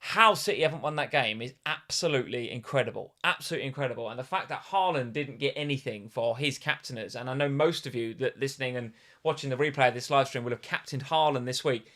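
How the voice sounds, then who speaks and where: A man co-hosting a live stream about fantasy football, animated and given to repeating his exclamations. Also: mid-range voice, quick pace. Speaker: podcast co-host.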